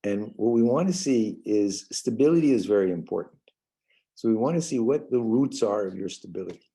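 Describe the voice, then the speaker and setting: Older male workshop trainer from the New York suburbs, gravelly and very dark, casual lecture with halting restarts. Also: on the low side, expressive, rough recording. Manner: rambling, repeats words and restarts, gentle. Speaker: trainer leading a parenting workshop.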